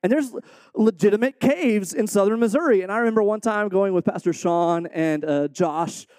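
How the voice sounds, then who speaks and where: A man speaking as a missionary to a supporting church, preaching earnestly and then telling a personal story with animated, acted-out quotes. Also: high voice, normal speed, no room sound.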